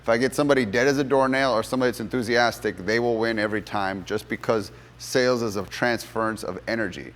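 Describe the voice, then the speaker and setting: A man's voice: medium pitch, fast, few pauses, big-room sound. A man giving a motivational sales workshop to gym coaches, telling stories and acting out the voices in them. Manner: animated storyteller, acts out courtroom voices. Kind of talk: motivational workshop talk with storytelling.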